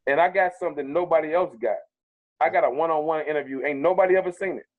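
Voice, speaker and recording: Animated man on a tinny line. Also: on the high side, fast. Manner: animated, profane storyteller acting out quotes. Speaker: comedian guest. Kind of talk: casual storytelling interview. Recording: tinny phone-like sound.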